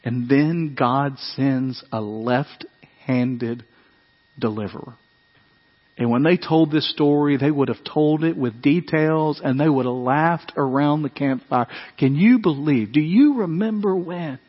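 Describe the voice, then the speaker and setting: A man preaching a sermon, telling animated family stories in a conversational way and acting out the voices. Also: fairly high pitch, slow, in a large hall, muffled recording. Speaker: pastor. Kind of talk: sermon storytelling.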